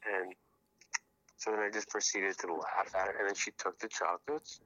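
A man's voice: low-pitched, steady tone, moderate pace, bright, forceful tone, dull audio. A man calling in by phone, telling a profane, laughing story in casual chat. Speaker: caller. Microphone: phone call.

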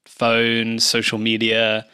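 A man's voice: mid-range voice, completely flat delivery, takes it slowly, bright, forceful tone, clean tone. A young man co-hosting a podcast in casual chat, easygoing, full of fillers and dry jokes. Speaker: podcast co-host.

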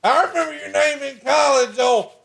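A man putting on the voice of a loud, boastful backwoods husband cooking over a campfire, hollering and profane. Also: very high-pitched, normal speed, creaky, voice pushed up, exaggerated voice.

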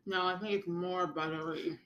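A playful, emphatic woman co-hosting a casual podcast chat, with a bright, sharp voice that jumps up high when she gets excited. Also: moderate pace, lo-fi sound, a little hiss or hum. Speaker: podcast co-host.

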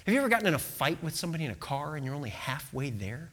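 A preacher giving a sermon, telling the story with lively acted-out quotes and questions to the listeners. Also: mid-range voice, rapid-fire, husky. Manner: animated storyteller who acts out quotes.

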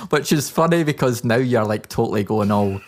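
A man hosts a casual radio chat with a playful, teasing manner. His voice sits at an ordinary male pitch, and he keeps the tone loose and informal. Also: expressive, moderate pace. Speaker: radio host.

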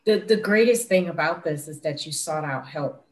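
A woman's voice: low-pitched, moderate pace, darkish tone. A woman co-hosting a podcast, answering with supportive, affirming remarks. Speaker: podcast co-host. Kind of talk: casual chat. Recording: roomy echo.

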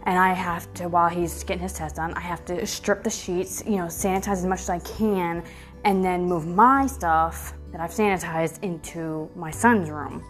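A woman in her thirties talks straight to her viewers, telling a story in a loose, chatty way with lots of fillers. Her voice sits a little low for a woman, and her talk turns lively and emphatic at times. Faint music plays quietly behind her. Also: normal speed. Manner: chatty and animated, many fillers, swears, laughs often. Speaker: vlogger. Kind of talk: casual storytelling to camera.

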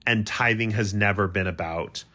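A woman's voice: extremely low pitch, moderate pace, pushed and bright. A woman co-hosting a podcast in sarcastic, joking casual chat. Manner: sarcastic, swearing, riffing. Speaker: podcast co-host.

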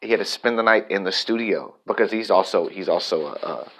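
A man with a fairly low voice talks through his own life in a loose, reflective monologue. He rambles candidly, circling back and restarting sentences as his thoughts catch up. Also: fairly quick, a bit bright, rough recording.

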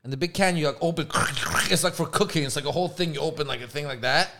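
A young man co-hosting a podcast in casual chat, telling stories with lots of swearing and loud, high outbursts. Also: fast talker. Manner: animated storytelling, swears freely, jumps into loud high outbursts. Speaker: podcast co-host.

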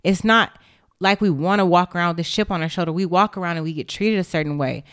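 A young woman speaks straight to her audience in an impassioned, indignant monologue, blunt and emphatic. Her voice sits low and sounds smooth and resonant. The sound is close and dry, with no room around it. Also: quick pace, no room sound. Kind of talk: impassioned direct-to-camera monologue.

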